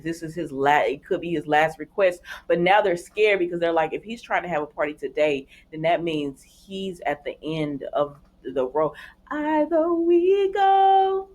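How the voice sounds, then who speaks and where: Woman host, lowish voice, chatty soap recap, acts out the lines. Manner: chatty, animated retelling with laughs and acted quotes. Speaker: soap opera recap vlogger. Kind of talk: casual recap chat.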